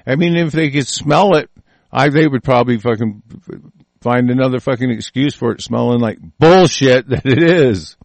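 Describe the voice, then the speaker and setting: A man's voice: mid-range voice, vocal fry, no echo. A man ranting angrily with heavy profanity, rambling and restarting his sentences.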